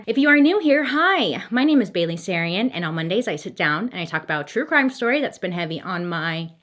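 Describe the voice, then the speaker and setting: Woman vlogger, bubbly and jokey, a bit breathless, very lively swooping pitch. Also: a little fast. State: a little out of breath. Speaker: true crime vlogger doing her makeup. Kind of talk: casual chatty vlog.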